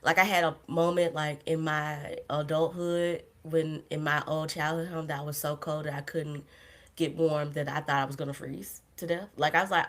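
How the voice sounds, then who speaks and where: A young woman with a low, deep-set voice hosts a casual solo livestream. She rambles from tangent to tangent with self-deprecating humor and laughs often. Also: fairly even intonation, moderate pace, fairly bright tone. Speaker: podcast host.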